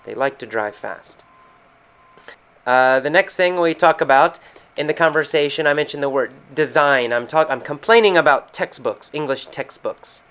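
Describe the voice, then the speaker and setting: An American man, an English teacher, slowly and patiently explaining vocabulary and quoting example phrases. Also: on the high side, expressive, fairly bright tone, smooth. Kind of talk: explaining vocabulary from a recorded conversation. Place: San Francisco.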